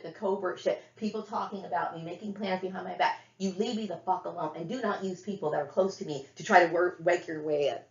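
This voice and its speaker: A middle-aged woman giving an unscripted monologue to camera, talking bluntly, profanely and in circles. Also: on the low side. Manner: blunt, profane, repetitive ranting. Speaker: vlogger. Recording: roomy, dull lo-fi sound.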